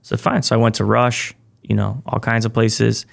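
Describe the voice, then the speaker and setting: A man's voice: mid-range voice, moderate pace, gravelly. A man, a podcast guest, telling a personal story in casual conversation and acting out what other people said. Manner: animated, acts out quoted people.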